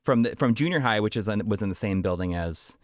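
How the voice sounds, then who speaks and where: A man's voice: fairly low pitch, lively intonation, fast talker, dry recording, studio quality. A man co-hosting a podcast in casual chat, rambling with restarts and laughing easily. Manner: rambling, many restarts and fillers. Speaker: podcast co-host.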